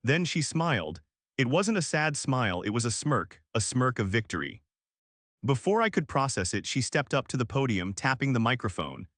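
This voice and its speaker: Male narrator, mid-pitched, earnest and dramatic, dry close voice-over. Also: very animated, normal speed, a bit bright, dry recording. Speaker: story narrator. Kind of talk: scripted first-person narration.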